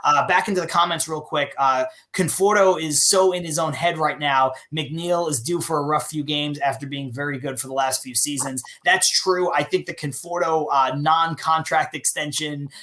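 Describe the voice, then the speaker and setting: A man's voice: fairly high pitch, steady tone, moderate pace, few pauses, bright, forceful tone. A man hosting a live stream, chatting casually and opinionated, with many restarts, reading viewer comments aloud. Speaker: show host.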